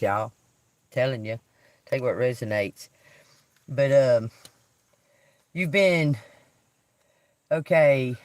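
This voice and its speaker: A man's voice: medium pitch, a bit bright, no echo. A man giving a casual live-stream tarot reading outdoors, laid-back and rambling, often muttering under his breath. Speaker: tarot reader. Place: outdoors on a hot day.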